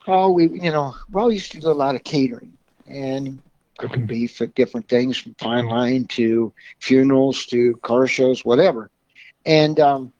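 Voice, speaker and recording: A man's voice: medium pitch, darkish tone, no room sound, muffled recording. A man guest from a car club telling folksy stories in a casual way, often laughing at his own tales. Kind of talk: casual storytelling.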